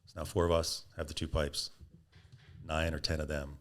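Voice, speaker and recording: A man's voice: very deep voice, moderate pace. A middle-aged man, a podcast guest, telling a story in casual talk and acting out the quotes with bursts of laughter. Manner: animated, acts out quotes with laughs.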